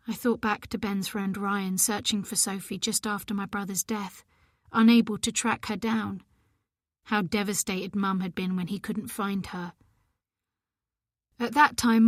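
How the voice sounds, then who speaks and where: A woman narrating a domestic thriller in the first person, measured and intimate. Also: mid-range voice, dry recording, clean studio sound. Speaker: audiobook narrator.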